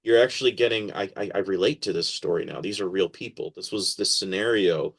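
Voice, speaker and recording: A man with a fairly low voice, talking as a podcast guest in a loose, casual interview. He is animated and keeps slipping into quoted voices as he explains. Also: brisk, breathy edge.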